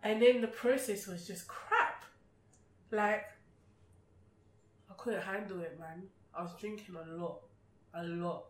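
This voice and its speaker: Woman, podcast guest, outspoken, animated storytelling, echoey room. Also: medium pitch, takes it slowly, long pauses. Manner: outspoken, animated, acts out remembered exchanges. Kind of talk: emotional personal storytelling. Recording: roomy sound from a distant mic.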